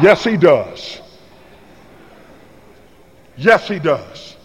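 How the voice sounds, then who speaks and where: Animated high-voiced preacher in a reverberant hall. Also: male voice, a little slow, some chatter behind, slight background noise. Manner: animated, plays out little scenes, calls on the congregation. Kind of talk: sermon with call-and-response. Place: large hall or church.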